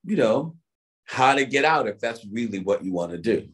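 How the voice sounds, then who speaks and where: A man's voice: medium pitch, lively intonation, normal speed, a bit bright. A middle-aged man, an actor being interviewed, talking casually and loosely, with lots of "like" and "you know what I mean".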